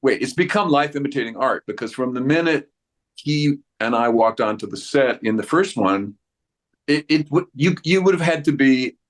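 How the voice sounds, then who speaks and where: A man's voice: medium pitch, animated, moderate pace. A man in his sixties, an actor giving a press interview, who rambles with many restarts and acts out quoted voices. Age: 60s. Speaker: actor guest.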